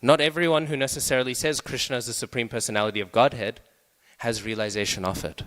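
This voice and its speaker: A man's voice: mid-range voice, steady tone, quick pace, a bit bright. A man giving a scripture class in a conversational way, often checking in with the listeners. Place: temple hall. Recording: long reverb of a temple hall.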